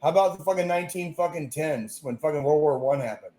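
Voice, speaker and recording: A man's voice: on the high side, quick pace, mellow. Profane, ranting podcast co-host man. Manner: profane, emphatic ranting with repeated phrases. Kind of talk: casual podcast chat.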